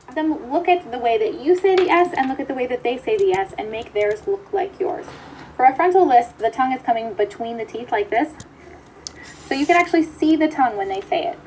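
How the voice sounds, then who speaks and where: High-voiced woman teaching speech therapy. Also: expressive, quick pace, a little mellow, a little hiss or hum, rough recording. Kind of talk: instructional video lesson.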